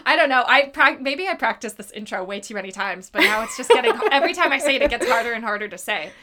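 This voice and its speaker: A woman's voice: fairly high pitch, expressive, fast talker, bright, forceful tone. A young adult woman hosting a movie podcast in casual chat, bubbly and giggly with emphatic bursts. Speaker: podcast host.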